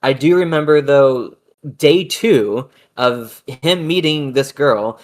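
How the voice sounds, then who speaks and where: A man's voice: mid-range voice, takes it slowly. A man being interviewed, telling stories in a hesitant, matter-of-fact way with many fillers and restarts. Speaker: interview guest. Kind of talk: casual interview.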